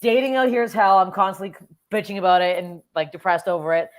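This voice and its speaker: Fast and mid-pitched, a Canadian woman in her thirties delivers profane, no-nonsense stories as a guest on a podcast. The comedian is lively and the conversation is relaxed.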